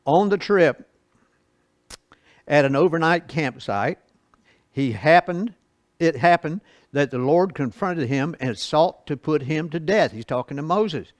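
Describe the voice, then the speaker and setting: In a dry recording, a man with a slightly high voice and lively intonation teaches Bible study. He reads scripture slowly and offers folksy explanations sprinkled with asides and chuckles.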